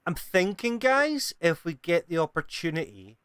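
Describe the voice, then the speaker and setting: Hesitant tabletop player with a smooth voice, dry close sound. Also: medium pitch, very animated, moderate pace, fairly bright tone, no echo. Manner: hesitant, stumbling over words. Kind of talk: casual game chat.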